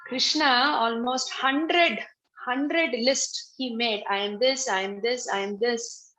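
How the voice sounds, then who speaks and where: A woman teaches a religious class over a video call. Her voice sits a little high and sounds bright and clear. She talks at an unhurried pace, repeating her phrases as she patiently explains. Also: low-quality recording. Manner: slow, repetitive, patient explaining. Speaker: spiritual teacher.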